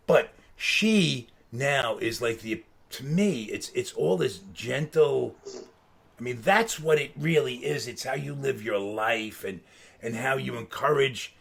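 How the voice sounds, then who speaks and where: A middle-aged man, a guest, telling stories in casual, animated conversation, laughing and swearing as he goes. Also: medium pitch, unhurried, creaky, husky. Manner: animated anecdotes, swearing, laughing mid-sentence. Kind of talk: casual storytelling.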